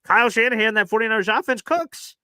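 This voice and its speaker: A man with a Southern American accent hosting a casual sports talk show, animated and teasing in his banter. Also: high-pitched, fast, clean tone, no echo. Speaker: podcast host.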